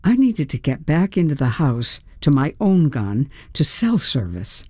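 A narrator reads a first-person story at an unhurried, deliberate pace, with a mellow, warm tone. The dialogue is acted out along the way. The recording is dry and close, with no room sound. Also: mid-range voice, sing-song, no room sound. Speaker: audiobook narrator.

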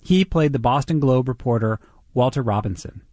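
A man hosting a radio feature, reading scripted narration in an even, clear way. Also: mid-range voice, moderate pace, dry recording, clean studio sound. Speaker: radio host.

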